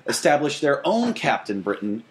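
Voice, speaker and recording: A man's voice: medium pitch, very animated, normal speed. A man co-hosting a podcast in casual chat, thoughtful and repeating himself as he builds a point. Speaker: podcast co-host.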